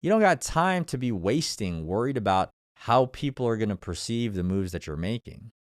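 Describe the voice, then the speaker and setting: A man's voice: fairly low pitch, lively intonation, moderate pace, no room sound, studio quality. A man hosting his own show, giving a blunt, profane motivational talk and laughing often. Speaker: podcast host. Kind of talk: motivational monologue.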